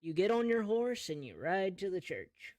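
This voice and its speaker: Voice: medium pitch, big pitch swings, normal speed, darkish tone, no echo. A game master narrating a tabletop game in an easygoing, second-person storytelling way.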